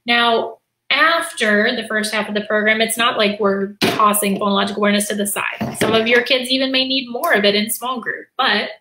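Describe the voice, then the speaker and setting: A woman teacher with a bright, crisp voice walks through a lesson live, explaining steps and modeling prompts with plenty of fillers. Her voice sits a little high, and the room around her sounds echoey. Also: fairly even intonation, fairly quick, a little hiss or hum. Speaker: teacher and literacy educator. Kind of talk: live-streamed teaching demonstration.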